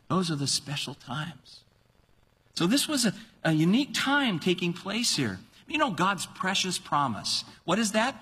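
A male preacher delivering an animated sermon, acting out quoted voices with sudden high-pitched cries. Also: slightly rough. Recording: long reverb of a large hall.

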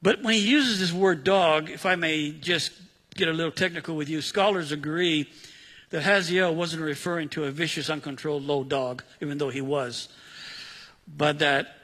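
A man preaches an expository sermon, chatting with his congregation between verses. His voice is bright and a little husky. It carries a long reverb from the church hall around him. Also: fairly high pitch, moderate pace. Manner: conversational, animated Bible teaching with asides. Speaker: pastor.

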